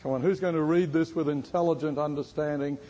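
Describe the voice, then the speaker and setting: A man's voice: fairly high pitch, steady tone, brisk, dark tone. A man preaching a sermon and teaching, quizzing his listeners and stressing words emphatically. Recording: long hall reverb.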